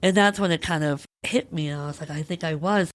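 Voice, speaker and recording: With a low-sitting voice and a fairly quick pace, a female podcast host reflects aloud on something she lived through. Her monologue is candid, emotional and searching, and the recording has no room sound.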